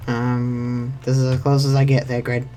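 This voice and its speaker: Let's-play streamer, mid-pitched, casual, self-talking and foul-mouthed, faint game music underneath. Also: completely flat delivery, normal speed, dark tone. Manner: talks to self, mutters, swears freely; reads game text aloud. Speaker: streamer playing an online role-playing game.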